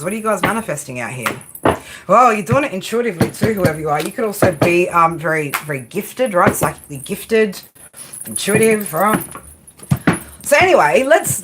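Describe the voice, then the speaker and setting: A woman who gives a casual tarot reading, bluntly and with lots of swearing, who keeps checking in with "right?" and. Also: mid-range voice. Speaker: tarot reader. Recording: noisy room with clicks and jangling.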